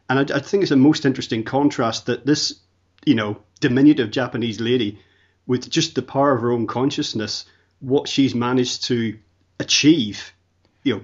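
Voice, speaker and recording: Man, reflective conversational guest, a bit husky; muffled lo-fi recording. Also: medium pitch. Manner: reflective, speaks in long searching sentences. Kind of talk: conversational interview talk. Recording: dull lo-fi audio.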